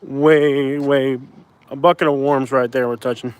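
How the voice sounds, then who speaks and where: A man's voice: mid-range voice, steady tone, a little slow, smooth, no echo. A man in his thirties chatting casually on a live stream outdoors by a bridge, rambling and arguing back at viewers. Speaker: vlogger doing a live stream.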